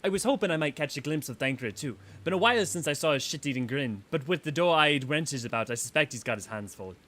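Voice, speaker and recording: A man's voice: on the high side, sing-song, fast, sharp tone. A man doing a brash pirate rogue with an accent. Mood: boisterous. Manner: put-on accent, bawdy and boisterous. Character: brash swaggering male pirate rogue leader.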